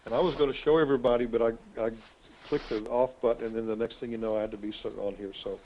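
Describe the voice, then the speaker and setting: Folksy coach on a tinny call. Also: male voice, medium pitch, steady tone, rapid-fire, a little hiss or hum. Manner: folksy, rambling, chatty. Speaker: real estate coaching host. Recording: tinny phone-like web call audio.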